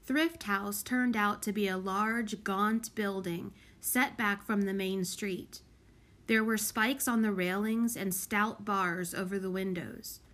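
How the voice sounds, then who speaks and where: A woman reading a children's novel aloud as an audiobook narrator, in an unhurried, clear storybook manner. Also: medium pitch, fairly even intonation, fairly bright tone. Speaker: audiobook reader. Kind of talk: scripted narration.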